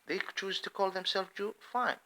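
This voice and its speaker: A man giving an earnest monologue, speaking emphatically and pausing to restart his sentences. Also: high voice, gravelly, pushed and bright, low-quality recording. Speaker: speaker giving a personal view.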